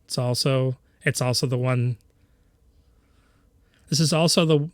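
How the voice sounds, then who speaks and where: A man's voice: medium pitch, steady tone, a little slow, dry recording, clean studio sound. A man narrating a tabletop game as game master, rambling with many fillers and laughing often.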